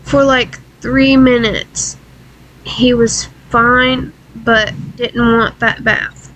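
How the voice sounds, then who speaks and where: A woman vlogger telling an emotional personal story in a halting, tearful way, often pausing and fighting back tears. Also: fairly high pitch, level tone, fairly bright tone, a little hiss or hum, poor audio. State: crying.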